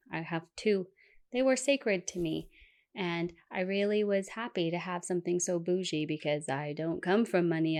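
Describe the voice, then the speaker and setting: A woman reacting to clips in casual commentary, exasperated and sarcastic in her asides. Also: lowish voice. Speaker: commentary youtuber.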